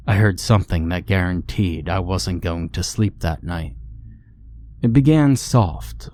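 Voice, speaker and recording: Deep-voiced man narrating horror. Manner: steady, ominous storytelling. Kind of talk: scripted narration.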